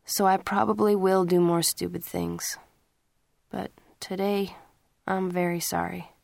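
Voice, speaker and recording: A woman's voice: fairly low pitch, flat delivery, measured pace, creaky, a little mellow, no echo. A woman reading as a remorseful teenage boy. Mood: apologetic. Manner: apologetic, earnest. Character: remorseful teenage boy apologizing to his parents.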